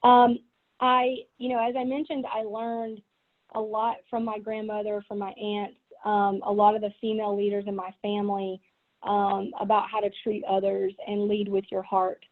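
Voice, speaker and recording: A woman's voice: medium pitch, level tone, normal speed. A middle-aged woman with a Southern US accent giving an earnest leadership talk as a business executive, with frequent "um" and "you know" fillers. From American South. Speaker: guest speaker, business executive. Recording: tinny phone-like line from online event.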